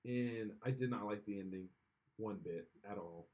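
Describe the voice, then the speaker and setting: A man's voice: lowish voice, moderate pace. A man co-hosting a podcast, giving blunt, opinionated takes in casual chat and often trailing off. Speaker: podcast co-host. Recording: slightly dull lo-fi sound.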